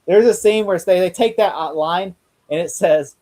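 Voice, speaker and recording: A man's voice: high-pitched, moderate pace, dark tone. A young man chatting casually on a podcast, rambling, laughing often and acting out lines he quotes. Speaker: podcast host. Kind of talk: casual chat.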